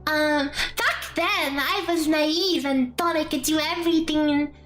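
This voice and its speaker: A streamer with a high, bright voice slowly explains a damage calculator for a game on a casual live stream, rambling chattily with playful asides. Faint background music plays softly beneath her, and the recording is low quality.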